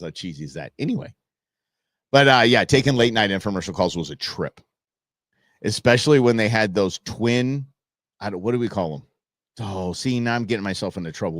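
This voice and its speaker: A man hosts a live show from a home studio, chatting freely and laughing as he reads comments from the chat. His voice sits fairly low but bounces all over the place. The sound is close and dry. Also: a bit bright, no room sound. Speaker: livestream host. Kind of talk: casual live-stream chat.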